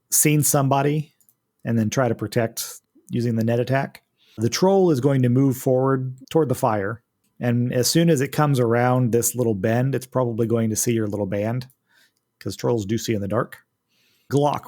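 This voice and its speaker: A man at middle pitch runs a tabletop game for his friends, laying out the rules step by step. His voice has a rough, gravelly edge. His delivery is patient and explanatory. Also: mellow. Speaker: game master.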